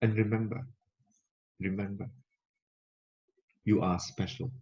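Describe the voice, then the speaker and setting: Slow, emphatic motivational speaker man. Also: fairly low pitch, steady tone, a little mellow. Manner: repetitive, emphatic, coaching. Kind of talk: motivational talk to camera. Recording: slightly muffled lo-fi recording.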